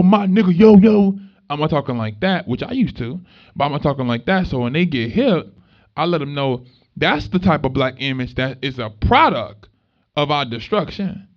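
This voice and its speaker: A young male minister talks to an audience, lively and conversational, and slips into other people's voices as he tells stories. His voice sits a little high. The recording is dull and lo-fi, with the top end muffled. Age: young adult. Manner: animated storytelling, acts out voices in dialogue. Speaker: minister and activist speaker. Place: event space at a market.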